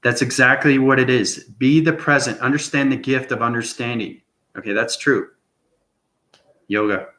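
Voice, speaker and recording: Man, rambling spiritual talk, keeps asking okay, average pitch, echoey room. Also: fairly even intonation, moderate pace, pushed and bright. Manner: rambling, repeats "okay?" often. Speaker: channel host. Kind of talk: unscripted spiritual monologue.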